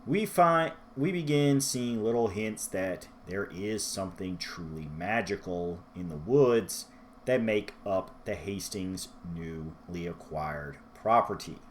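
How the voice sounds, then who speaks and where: A man's voice: low-pitched, lively intonation, takes it slowly, slight background noise. A man talking through a book review in a rambling, self-deprecating vlog style. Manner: rambling, self-deprecating, loses his place in his notes.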